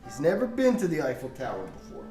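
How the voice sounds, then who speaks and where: A man's voice: medium pitch, huge pitch swings, fast talker, mellow. A man hosting a livestream, casually telling jokes and giggling through them, in a roomy space with faint music behind. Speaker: livestream host.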